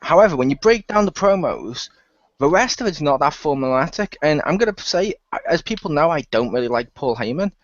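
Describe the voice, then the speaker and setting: A man's voice: a little high, expressive, a little fast, no room sound. Guy giving his honest take on wrestling, blunt and a bit sweary, dry muffled lo-fi sound. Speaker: podcast co-host. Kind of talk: casual opinionated commentary. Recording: dull dry lo-fi audio.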